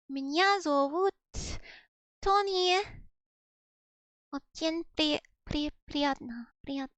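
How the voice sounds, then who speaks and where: A woman's voice: high-pitched, a bit bright, dry recording. A young woman streaming casually, giggling and repeating practice words over and over as she learns to pronounce them.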